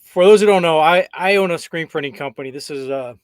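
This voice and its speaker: A man's voice: a little high, quick pace, a crowd in the background. A man co-hosting a casual live-stream chat, telling a story and rambling with stops, restarts and frequent uh's. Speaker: co-host, screen printing business owner.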